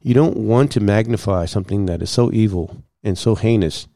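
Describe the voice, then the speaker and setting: A man guest in casual storytelling, animated, acting out what others said and using many fillers. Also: fairly low pitch, moderate pace, vocal fry, no echo, clean studio sound. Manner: animated, acts out quoted dialogue, many fillers.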